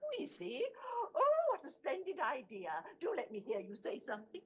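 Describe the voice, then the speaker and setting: A genteel old auntie, fussy, high and sing-songy, muffled old tv sound with faint hiss. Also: female voice, wildly swooping pitch, moderate pace, fairly bright tone, full character voice. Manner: genteel, fussy, calls everyone dear. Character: fussy genteel elderly aunt. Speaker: live-in aunt. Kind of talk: 1970s studio sitcom acting. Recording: dull lo-fi TV audio with faint hiss.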